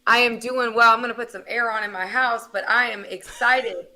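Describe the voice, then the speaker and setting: An American woman in young adulthood hosting a casual livestream chat, lively and talkative, calling her audience y'all. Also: fairly high pitch, normal speed. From United States. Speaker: host.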